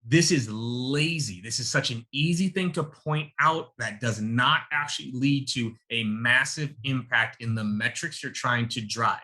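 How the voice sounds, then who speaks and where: A man in his thirties leads a live sales-coaching webinar with a punchy, emphatic delivery. His voice is bright and forceful, and he keeps talking straight to his audience as y'all. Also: mid-range voice, a little slow, hardly any pauses. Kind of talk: energetic live webinar teaching.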